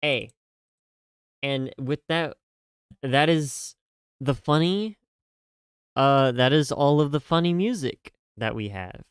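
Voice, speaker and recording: A young male streamer reacts to game music on a live stream, rambling, joking at his own expense, and full of fillers and restarts. His medium-pitched voice is smooth and slow with long pauses, recorded in clean studio sound with no echo.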